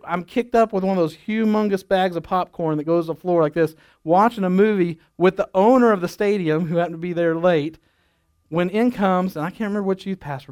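Man, middle-aged, pastor, sermon, high-pitched, folksy storyteller. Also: a little mellow, clear, resonant tone. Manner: storytelling, folksy, chuckles at his own jokes.

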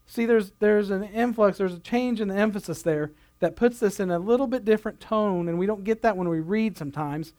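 A man's voice: high-pitched, moderate pace, hardly any pauses. A man preaching a sermon, earnest, repeating key phrases for emphasis. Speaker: pastor.

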